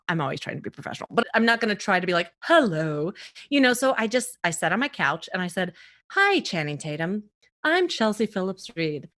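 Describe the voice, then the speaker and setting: A woman comedian from the US East Coast, a podcast guest telling a story in a casual interview, lively, laughing often and acting out the voices of the people she quotes. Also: medium pitch.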